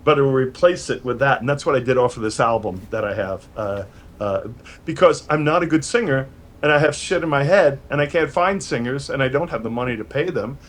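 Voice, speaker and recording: An older man from New York, a musician guest in a home studio full of gear, telling animated, rambling stories with many restarts over a video call. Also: mid-range voice, fairly quick.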